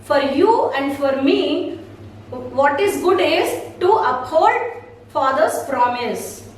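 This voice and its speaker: A woman playing a calm righteous prince. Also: high-pitched, takes it slowly, a little hiss or hum. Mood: gentle. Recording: very echoey room, far from mic.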